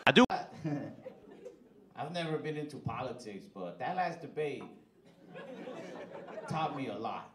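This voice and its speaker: A young man performing a stand-up comedy set, telling stories in a laid-back, deadpan way. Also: medium pitch, takes it slowly, long pauses, a faint crowd, a little hiss or hum. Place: comedy stage before a live audience. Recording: loud audience laughter.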